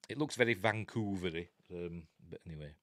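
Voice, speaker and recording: A man's voice: low-pitched, fairly quick, a bit bright, no echo, clean studio sound. A man with a Yorkshire accent, reviewing a horror film in a rambling, jokey way, full of ums and uhs. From Yorkshire, England. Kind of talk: casual film commentary.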